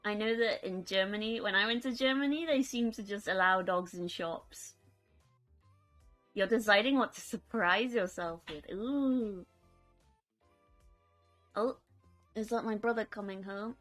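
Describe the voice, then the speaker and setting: A woman's voice: mid-range voice, moderate pace, a bit bright, soft background music. A young woman chatting casually on a live stream, giggling often and reading out chat. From United Kingdom.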